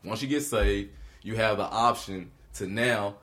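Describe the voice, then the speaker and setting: A man co-hosting a casual faith talk, animated and often laughing as he preaches. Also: fairly low pitch, a little slow.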